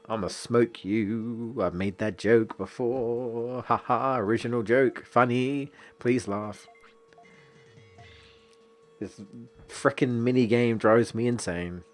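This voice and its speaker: A man's voice: mid-range voice, slow, long pauses, faint music behind. Casting note: young guy, game streamer, swears a lot, rants and jokes about the game, mid-range voice. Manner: profane, exasperated, jokey rants. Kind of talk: casual gaming stream commentary.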